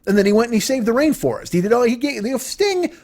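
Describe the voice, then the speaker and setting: A man's voice: extremely high pitch, expressive, very fast, darkish tone. A man in his forties, a podcast host, delivering a rambling, profane comedic monologue that jumps from tangent to tangent. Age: 40s.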